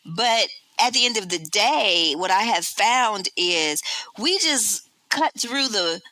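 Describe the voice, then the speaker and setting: A woman hosting a podcast, talking candidly in a casual, storytelling way with quick asides. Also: medium pitch, lively intonation, pushed and bright, dry recording, rough recording. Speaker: podcast host. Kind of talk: casual chat.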